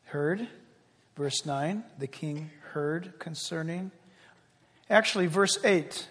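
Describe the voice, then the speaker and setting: A man preaching a sermon as pastor, animated and conversational, often acting out quotes. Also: on the high side, takes it slowly, in a large hall.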